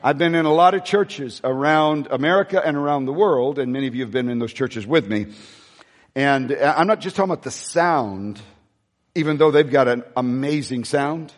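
A male pastor preaching a sermon in a large church, with emphatic peaks and quieter asides. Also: medium pitch, normal speed. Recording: long church hall reverb.

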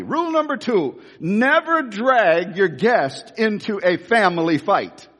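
A male pastor delivers a sermon in an animated storytelling manner, often restarting his phrases. His voice sits high for a man, and the hall gives it a long, ringing reverb. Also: unhurried, hardly any pauses.

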